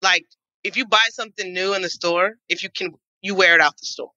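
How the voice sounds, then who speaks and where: A woman co-hosting a casual podcast chat, animated and emphatic, swearing freely. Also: lowish voice, brisk, no room sound, lo-fi sound. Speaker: podcast co-host.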